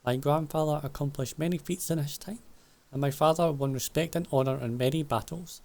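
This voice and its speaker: A man reading game dialogue aloud as a proud male dwarf smith who is stern about family honour, in an earnest, measured way. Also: on the high side, vocal fry, darkish tone.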